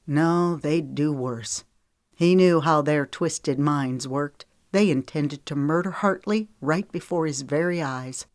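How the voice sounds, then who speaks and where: A woman narrating a suspense novel in measured, dramatic audiobook style. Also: deep voice, darkish tone, no echo, clean studio sound.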